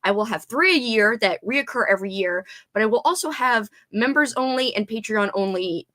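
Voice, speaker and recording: A woman's voice: on the high side, moderate pace, bright, forceful tone. A woman hosting a casual reading livestream, bubbly, greeting viewers by name and laughing often. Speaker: booktube livestream host. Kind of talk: casual live chat with viewers.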